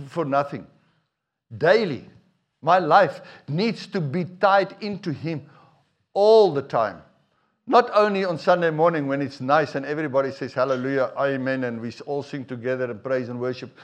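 Middle-aged preacher guy, kinda high voice, chatty animated sermon. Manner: animated, conversational preaching with repeated words and asides to the congregation. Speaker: pastor.

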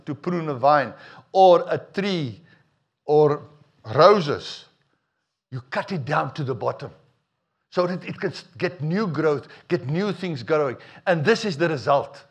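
A middle-aged man, preaching a sermon in a conversational, animated way with asides to the congregation. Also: a little high. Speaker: pastor.

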